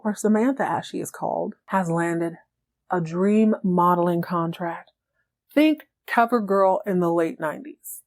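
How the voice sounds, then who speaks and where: A woman hosting a podcast who recaps a TV episode in a comedic, animated way and laughs often. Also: on the low side. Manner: animated, joking, laughs a lot. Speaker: podcast host.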